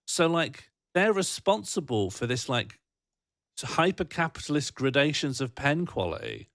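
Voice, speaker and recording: Lively British man rambling on stream. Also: medium pitch, a little slow, no echo, studio quality. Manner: rambling, jokey and self-mocking. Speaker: livestream host. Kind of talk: casual chat reading viewer comments.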